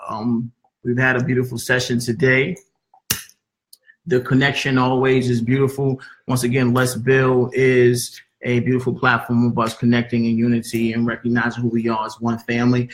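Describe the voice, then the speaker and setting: A man hosts a spiritual talk show in a voice of ordinary pitch. He speaks earnestly and sincerely, and he circles back to the same words of encouragement again and again. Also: fairly bright tone, poor audio. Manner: earnest, repeating his affirmations. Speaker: host.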